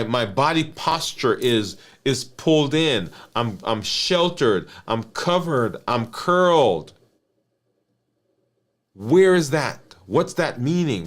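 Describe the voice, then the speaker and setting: An earnest man talks through a lesson on emotional health at a mid-range pitch. He coaches in a steady, explaining way, keeps checking in with "right?" and restarts his phrases as he thinks aloud. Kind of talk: teaching monologue.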